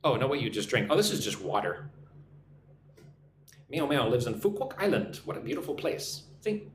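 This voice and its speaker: Upbeat American man hosting an English lesson live; lively pitch, echoey room with a low hum. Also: normal speed. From United States. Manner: upbeat, reads viewer names aloud, models phrases to repeat. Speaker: English teacher live streaming. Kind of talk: casual live-stream lesson, reading chat comments. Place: home in a Vietnamese city.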